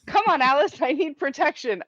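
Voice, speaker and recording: A woman reading lines as a playful young camp girl crying for help in mock panic, her voice pitched a little high and swinging widely up and down. The sound is slightly dull and lo-fi, with a dry close mic. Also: lively intonation, a little fast, a bit bright, dry recording. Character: playful young woman camper fleeing frogs. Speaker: table-read performer. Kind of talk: amateur script table read.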